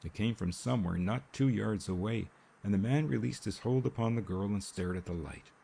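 A man narrating a mystery novel in a measured, steady audiobook reading. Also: on the low side, gravelly, husky. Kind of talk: scripted narration. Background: rain sounds.

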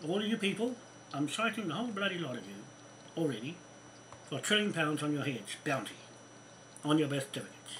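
A man's voice: a little high, big pitch swings, fairly quick, noisy background. A man delivering an angry, swearing rant to camera, repeating himself as he fumes. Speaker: vlogger. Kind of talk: angry ranting monologue.

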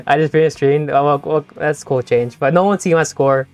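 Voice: mid-range voice, brisk, a little mellow, dry recording, soft background music. A young-adult game streamer chatting playfully with viewers during a live session, laughing often and teasing the chat.

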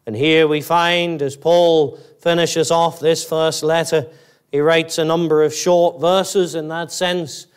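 A man preaching an evangelical sermon in church, fervent and emphatic, asking his listeners rhetorical questions and climbing high on exclamations. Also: little pitch movement, slow, clean tone. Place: church, evening service.

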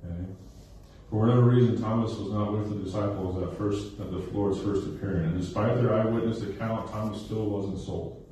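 At a recreation center serving as a church, a male pastor gives a sermon in a warm voice on the low side, fairly even in intonation and a little fast. He checks in often with "okay?" and "right?" and repeats phrases to stress them. The very echoey recording, taken at a distance, has a little hiss or hum.

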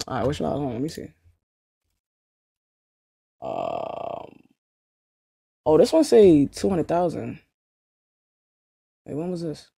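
A woman's voice: rumbling low, creaky, dark tone, breathy edge, no echo. A young woman chatting casually to her livestream chat, slangy and swearing, often laughing in disbelief. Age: young adult. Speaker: streamer.

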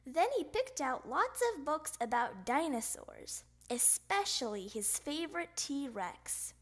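A woman reading a children's picture book aloud, with playful, expressive sound effects. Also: high-pitched, slow. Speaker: storybook reader.

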